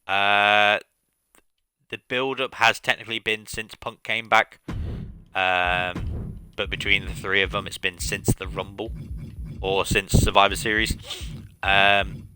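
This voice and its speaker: A man's voice: on the low side, fairly even intonation, slow pace, pauses often, sharp tone, a little hiss or hum. A man streaming a game, recapping at length in casual commentary, with frequent fillers and restarts.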